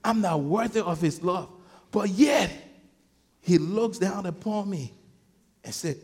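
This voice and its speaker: A man preaching a sermon, swinging between shouted peaks and hushed storytelling, often repeating words as he gathers his thoughts. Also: high voice, takes it slowly, pauses often, husky. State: sweating. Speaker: pastor. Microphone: clip-on mic.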